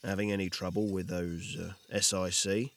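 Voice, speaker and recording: A man voicing a terse, gruff legendary hero who murmurs in few words. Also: deep voice, flat delivery, normal speed, a bit bright, voice pushed down.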